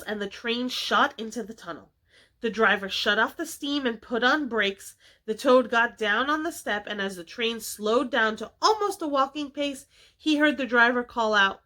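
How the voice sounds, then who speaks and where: Lady reading a kids' story out loud, expressive, bright voice. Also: on the high side, a little slow. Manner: expressive, animated. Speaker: children's book reader. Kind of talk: storybook read-aloud.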